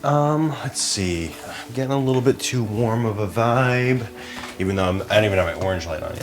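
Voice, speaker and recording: Low-pitched and chatty, a young podcast co-host films a casual behind-the-scenes video while rigging lights and cameras in a small apartment set up as a studio. He mutters to himself as he works, poking fun at himself along the way.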